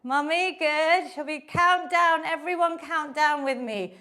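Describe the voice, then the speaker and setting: A woman fitness instructor leading a live online workout class, encouraging and coaching through the moves while exercising, a little breathy. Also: high voice, a little slow, pushed and bright.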